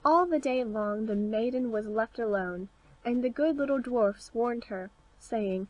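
A woman narrating a classic fairy tale as an audiobook. Her reading is clear and steady, made for easy listening. Her voice sits a little high. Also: unhurried, dull audio. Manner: clear, steady read-aloud delivery. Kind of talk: scripted storybook narration.

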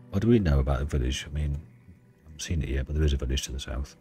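A man's voice: a bass voice, fast talker, mellow, soft background music. A man hosting a let's play, thinking aloud casually as he plays. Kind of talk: casual game commentary.

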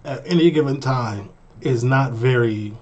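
A man's voice: medium pitch, unhurried, a little mellow, muffled recording. A man giving amused, wisecracking commentary while reacting to a video. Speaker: reaction streamer.

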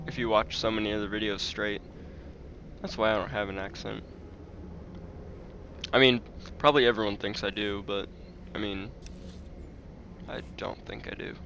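A man rambling through casual gameplay commentary, chatty and full of fillers. A clear steady noise runs under his voice throughout the recording. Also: lowish voice, dull audio. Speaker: let's play host.

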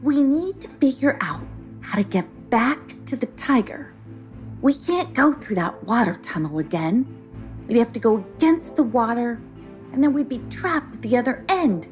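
A woman's voice: fairly high pitch, big pitch swings, moderate pace, darkish tone, soft background music, pitched above the performer's own voice. A woman voicing a nervous, doubtful young girl twin in a children's story. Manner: worried, doubtful questions.

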